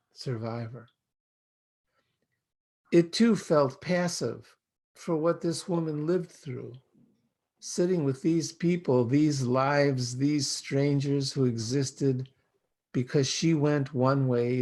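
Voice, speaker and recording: An older American man, a rabbi, giving a reflective sermon in slow, measured, poetic phrasing. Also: medium pitch, mellow.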